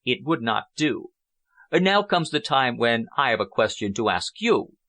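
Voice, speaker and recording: A man's voice: medium pitch, big pitch swings, unhurried, bright, forceful tone, heavily acted. A man reading an audiobook, voicing a menacing male burglar who has a slight foreign accent and a cold, threatening manner.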